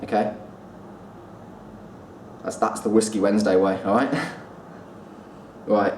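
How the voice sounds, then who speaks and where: A man giving a casual spoken review, chatty, pausing and repeating words as he thinks. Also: lowish voice, fairly even intonation, darkish tone. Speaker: whisky reviewer. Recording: roomy echo, distant mic, faint room noise.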